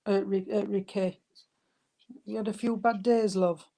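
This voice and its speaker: A woman's voice: medium pitch, fairly even intonation, measured pace, crowd noise. A woman, working as a spiritualist medium and giving spirit messages, calling her listeners darling and sweetheart. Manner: warm, calls people darling and sweetheart.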